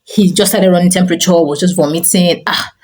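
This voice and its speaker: This is a middle-aged woman whose voice sits a little low. She is a teacher who runs a school, and she talks straight to camera about her own family life. She tells it like an animated storyteller and scatters "you know" all through her sentences. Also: a little fast, a little hiss or hum, low-quality recording. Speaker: teacher and school owner giving parenting advice.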